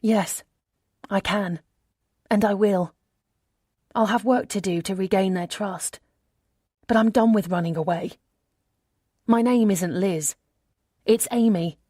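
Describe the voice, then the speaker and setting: A woman narrating a first-person audiobook in a measured, intimate storytelling manner on a close studio mic. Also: medium pitch, dark tone, no echo.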